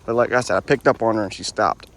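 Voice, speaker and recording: A man's voice: on the low side, quick pace, fairly bright tone. Laid-back young man talking horseback. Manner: laid-back, rambling, reflective. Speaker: horse trainer. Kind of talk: casual vlog narration while riding. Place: outdoors on a wooded trail, on horseback. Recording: faint outdoor noise.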